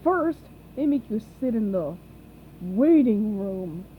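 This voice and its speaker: A woman voicing a dim-witted, boisterous male starfish in a storybook reading, loud, dopey and drawn-out. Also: medium pitch, lively intonation, phone-quality sound, a little hiss or hum. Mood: dramatic.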